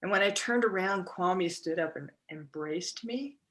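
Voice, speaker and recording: Woman telling a story with halting fillers. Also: on the low side, a bit bright. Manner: halting, many fillers and restarts. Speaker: guest. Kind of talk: storytelling in a podcast interview.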